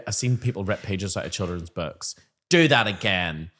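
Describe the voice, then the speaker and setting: A man with a Northern Irish accent chats as a podcast co-host. His voice sits fairly low. He tells his stories with animation and slips into quick acted-out voices. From Northern Ireland. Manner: animated storyteller, acts out classroom voices. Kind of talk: casual chat.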